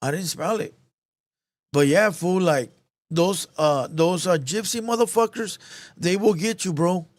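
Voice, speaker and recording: A man's voice: high-pitched, a little slow, no echo. A man hosting a live show, telling a heated, profane story in casual street slang, repeating himself as he goes.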